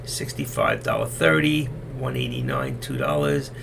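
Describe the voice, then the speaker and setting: Gravelly man chatting on a trading stream. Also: medium pitch, wildly swooping pitch, a little slow, fairly bright tone, slight background noise. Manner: rambling, candid, confiding to viewers. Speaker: trading livestream host. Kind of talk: casual live-stream chat over stock charts.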